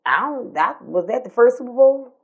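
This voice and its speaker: A woman, co-hosting a podcast, telling a personal story in casual talk, by turns animated and tearful, dropping to near-whispers. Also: fairly high pitch, moderate pace, muffled recording. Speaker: podcast co-host.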